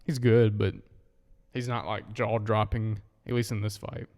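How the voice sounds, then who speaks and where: Lowish-voiced guy on a podcast, chill and agreeable, lots of quick yeahs, echoey room. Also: flat delivery, creaky, a little mellow. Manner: easygoing, agreeable, frequent short backchannels. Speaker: podcast co-host. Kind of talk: casual podcast chat. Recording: echoey room with long reverb.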